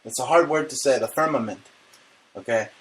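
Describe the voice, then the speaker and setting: A man's voice: mid-range voice, fairly quick, rough recording. Ranting indignant man hosting a comedy show. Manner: loud, indignant ranting with stammered restarts. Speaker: host.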